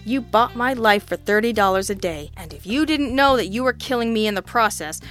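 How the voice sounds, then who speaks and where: A woman's voice: on the high side, expressive, a little fast, a bit bright, faint music behind. A woman reading an audiobook, voicing a grim male private investigator who needles and pushes without letting up. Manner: dry, pushing, needling.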